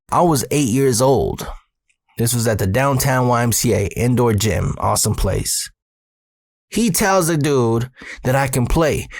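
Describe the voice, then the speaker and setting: A man's voice: mid-range voice, no room sound, clean studio sound. A man in his thirties from Arizona telling a personal story in a casual, profane, slangy way. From Arizona, USA. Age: 30s. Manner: profane, streetwise slang, animated when excited. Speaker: storyteller host.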